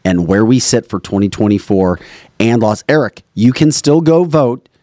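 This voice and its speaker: A man hosting a talk podcast, brisk and exasperated, steering the show and calling for clips. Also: lowish voice, expressive, dark tone, no room sound, clean studio sound. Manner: brisk, exasperated, directs the producer. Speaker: host. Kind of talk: casual political talk.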